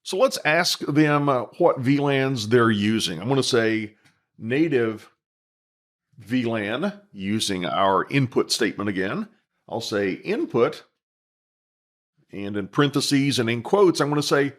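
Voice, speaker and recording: A man teaching a coding lesson over a screen recording, calmly dictating each line of code step by step. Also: mid-range voice, a little slow. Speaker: instructor.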